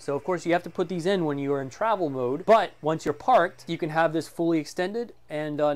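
A man casually presenting a walkthrough of a motorhome for sale, enthusiastic and full of fillers like "um" and "like". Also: on the high side. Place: inside a motorhome.

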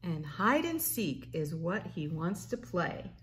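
A woman, a children's librarian, leading a slow, playful storytime for babies and toddlers and asking the little ones questions. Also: lowish voice, very animated, a little hiss or hum. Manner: sing-song, slow, playful, asks little listeners questions.

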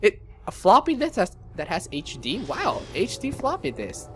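A man's voice: high voice, huge pitch swings, moderate pace, husky, soft background music. Jumpy, swearing young man gamer. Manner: jumpy, swears a lot, screams at scares. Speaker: gaming channel host. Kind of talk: horror game let's play commentary.

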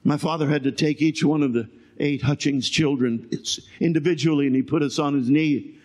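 An older man preaching a sermon, moving between shouted lines and quiet storytelling. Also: a little high, normal speed. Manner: swings from shouting to hushed storytelling. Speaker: pastor.

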